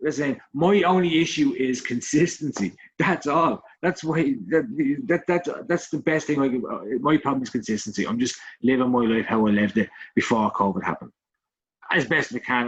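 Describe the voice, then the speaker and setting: A man's voice: medium pitch, moderate pace, highs cut off. An Irish man co-hosting a casual podcast, ranting with plenty of swearing and repeating words as he goes. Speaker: podcast co-host. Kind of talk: casual chat.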